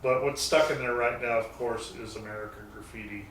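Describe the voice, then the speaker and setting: A man's voice: medium pitch, steady tone, a little fast, fairly bright tone. A man talking casually as a guest, telling rambling stories about his garage shop with the odd curse word. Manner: rambling anecdotes with mild swearing. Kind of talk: casual storytelling chat. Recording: echoey garage, distant mic, faint noise.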